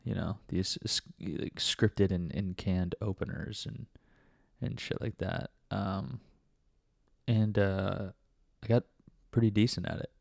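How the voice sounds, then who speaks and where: A man's voice: low-pitched, fairly even intonation, takes it slowly, vocal fry, no room sound, clean studio sound. A man vlogging a casual, reflective monologue, rambling with many fillers and restarts, sometimes talking to himself with self-mocking laughs.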